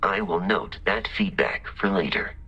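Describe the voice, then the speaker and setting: An actor voicing a polite, analytical robot companion in a video game, speaking in formal, precise phrasing with a husky, gravelly voice. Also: male voice, low voice, lively intonation, measured pace, bright, forceful tone, dull audio, exaggerated voice. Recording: game audio with faint music.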